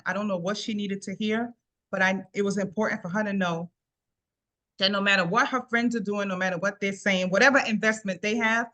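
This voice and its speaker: Earnest middle-aged woman retelling a story. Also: mid-range voice. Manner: repeats "I said" often, warm earnest retelling. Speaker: guest sharing a personal story. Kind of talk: casual storytelling.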